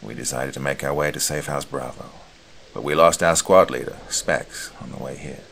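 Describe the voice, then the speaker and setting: A man's voice: extremely low pitch, steady tone, normal speed, gravelly, a bit bright, voice pushed down, full character voice. A man voicing a weary, grieving special forces squad leader who speaks in a subdued, hesitant way.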